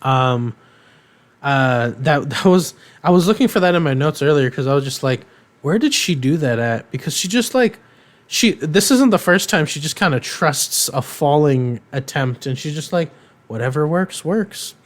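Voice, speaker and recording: A man's voice: fairly high pitch, animated, moderate pace. Rambling man recapping a cartoon. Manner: rambling, filler-heavy, irreverent; acts out characters' lines in quotes. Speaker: podcast co-host. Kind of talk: casual episode recap.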